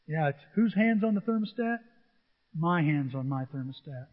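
A pastor preaching a sermon, building to emphatic outbursts and mimicking churchgoers' complaints in mocking voices. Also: male voice, sits high, animated, moderate pace. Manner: emphatic, rising to near-shouts on key words. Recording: dull audio with long church reverb.

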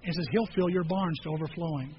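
Pastor preaching, high voice, conversational storytelling with emphatic peaks, dull lo-fi audio. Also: male voice, steady tone, fast talker, slight background noise. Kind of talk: sermon.

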